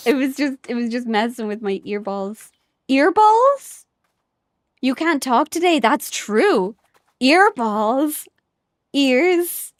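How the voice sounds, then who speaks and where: A young woman from Ireland chats with her viewers while streaming a game, her high voice bubbling with giggles. She rambles from one thought to the next and playfully catches and corrects her own slips. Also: expressive, takes it slowly, no room sound, studio quality. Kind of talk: casual gameplay chat with viewers.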